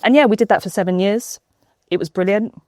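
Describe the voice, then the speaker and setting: A woman's voice: medium pitch, fairly quick, a little mellow, no echo. A woman film critic speaking as a guest, open and reflective. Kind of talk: interview answers.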